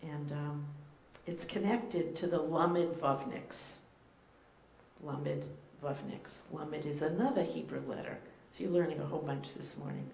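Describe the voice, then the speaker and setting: Low-voiced woman with a Boston accent. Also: fairly even intonation, measured pace, vocal fry, darkish tone. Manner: playful, teacherly, with frequent ums and uhs. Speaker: guest rabbi speaker. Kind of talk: informal sermon to a congregation. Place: church sanctuary. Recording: echoey room, faint background noise.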